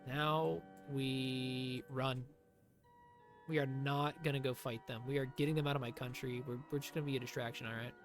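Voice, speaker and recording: A man streaming a strategy game live, giving sarcastic commentary that swings from low mutters to loud shouts. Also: steady tone, normal speed, soft background music.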